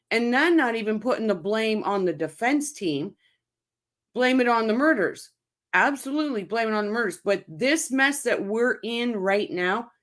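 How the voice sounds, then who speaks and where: A woman hosting a livestream, talking to her chat in a heated, swearing rant, angry and upset, speaking in short repeated bursts. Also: a little high. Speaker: channel host reacting to a court case. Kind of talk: livestream commentary, reading chat.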